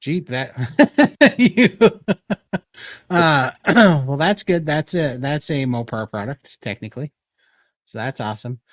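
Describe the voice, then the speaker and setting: A man's voice: fairly high pitch, expressive, slow pace, no room sound. Chatty man, laughing, on a video call. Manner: chatty, laughs often, loose rambling asides. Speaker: co-host of a livestream show. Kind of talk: casual livestream chat.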